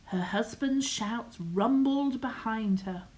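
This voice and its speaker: An older woman reading a bedtime story in a soft, often half-whispered voice. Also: a little high, slow, rough recording.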